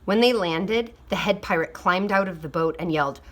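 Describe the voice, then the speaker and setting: A woman reading a children's picture book aloud, expressive, with quiet asides. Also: fairly low pitch, moderate pace, hardly any pauses. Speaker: storybook reader. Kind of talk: storybook read-aloud.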